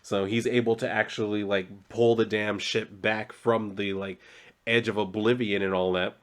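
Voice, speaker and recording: A man's voice: fairly low pitch, flat delivery, moderate pace, fairly bright tone. A man casually recapping and reviewing a comic book, talking loosely with lots of asides and filler words, and sometimes exasperated. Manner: loose and conversational, full of "like" and asides, riffing and exasperated. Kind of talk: casual video commentary.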